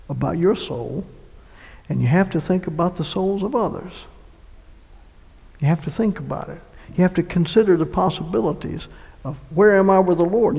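A male pastor delivers a sermon in a church sanctuary, his high voice carrying a gravelly rasp. He shifts from loud emphatic swells down to quiet, hushed passages. His words echo with the long reverb of the room. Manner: preaching with sudden loud swells and hushed drops.

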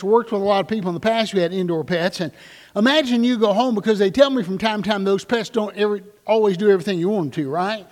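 A middle-aged male pastor preaching a sermon to his congregation. He slows right down on key phrases and asks the room questions. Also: high voice, big-room sound. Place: church sanctuary with congregation.

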